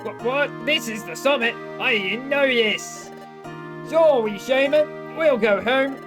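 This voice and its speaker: A woman voicing a bewildered, sheepish pair of grimy sludge creatures with a squeaky, excitable British-tinged voice. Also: slow, music in the background.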